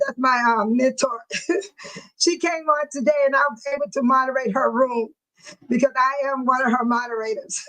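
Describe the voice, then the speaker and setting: A woman with a high voice hosts a casual live audio room and keeps dissolving into laughter, gasping for breath between words. Her speech carries as she calls out listeners' names and reads their comments. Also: a bit bright, rough recording.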